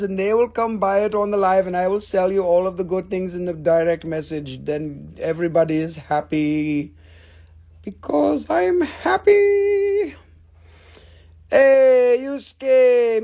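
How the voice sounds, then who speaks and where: A man hosting a live online mineral sale, teasing buyers with goofy banter and sudden high squeals. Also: a little mellow. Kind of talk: joking live-stream sales banter.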